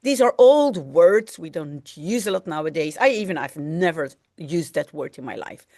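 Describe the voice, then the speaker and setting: A woman's voice: sits low, animated, moderate pace, a little mellow, no room sound, clean studio sound. A woman language teacher reading a French novel aloud and patiently translating it line by line, explaining vocabulary and often saying "hein".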